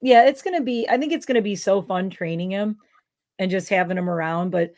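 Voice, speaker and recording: A woman's voice: mid-range voice, fairly quick, a little mellow. A woman hosting a casual livestream chat, a dog trainer who rambles with lots of fillers. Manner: rambling, filler-heavy talk. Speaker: livestream host.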